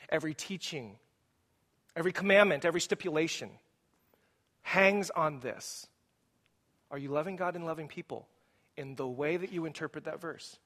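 A man preaching a sermon as pastor to his congregation in a church, speaking with lively, rising emphasis and putting questions to the listeners. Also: a little high. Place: church sanctuary.

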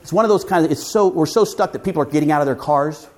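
Guy telling a story at church, kinda high voice, lively, keeps restarting sentences. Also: racing. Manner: animated, vivid retelling with restarts. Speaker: guest speaker and author. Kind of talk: storytelling sermon.

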